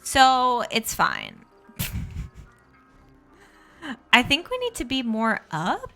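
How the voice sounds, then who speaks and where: A woman streamer with a bright, sharp voice that swings widely up and down as she giggles and chats with her viewers. She talks at an unhurried pace over faint background music. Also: a little high, wildly swooping pitch, creaky. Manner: giggly, chatty, greets and thanks viewers. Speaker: live streamer. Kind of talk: casual live game stream chat.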